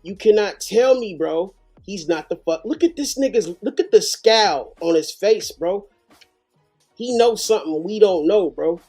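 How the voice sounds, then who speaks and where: A man's voice: sits high, lively intonation, measured pace, darkish tone, soft background music. A man hosting a live reaction show, commenting animatedly with heavy slang and profanity. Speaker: host.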